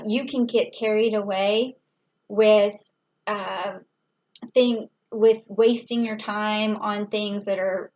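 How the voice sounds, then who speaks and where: A woman gives a casual tarot reading, talking it through chattily and thinking aloud with fillers and small laughs. Her voice is medium-pitched and the recording muffled.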